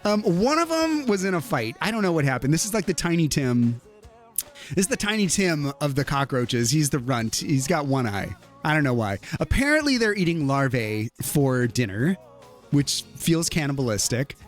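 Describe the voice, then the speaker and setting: A man's voice: a little high, normal speed. A man hosting a livestream, chatting casually and reading viewer comments aloud, laughing often. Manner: animated, laughs often, lively. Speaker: livestream host. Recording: faint music behind.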